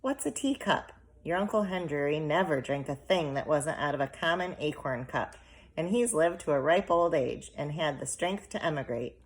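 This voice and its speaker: A woman's voice: deep voice, expressive, normal speed. A woman reading the part of an anxious, fussing little mother who frets and scolds in an audiobook. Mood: fretful. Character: fretful, anxious tiny mother, middle-aged.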